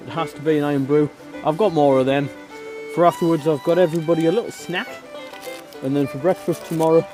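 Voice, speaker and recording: A man bantering and boasting on a casual camping vlog outdoors. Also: a little high. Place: outdoors at a windy campsite.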